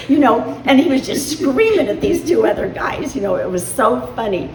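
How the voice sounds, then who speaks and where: Woman in her 70s, veteran interview, halting storytelling, roomy sound, background noise. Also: a little high, big pitch swings, a little mellow. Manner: halting storytelling with many fillers. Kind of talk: recounting memories in an interview. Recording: roomy, distant mic, ambient noise.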